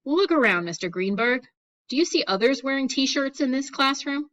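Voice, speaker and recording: Woman doing a raspy old math teacher lady, super strict, snaps out orders, muffled audio. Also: mid-range voice, animated, moderate pace, a bit bright. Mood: stern. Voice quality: raspy, gravelly. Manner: clipped, scolding commands. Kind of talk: audiobook character voice.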